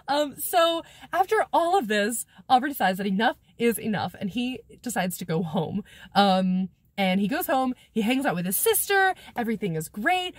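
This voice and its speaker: A woman's voice: mid-range voice, dry recording. A woman vlogger rambling casually through a book recap, sarcastic and giggly, swearing freely as she talks to her camera. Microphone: camera mic, talking to a camera viewfinder.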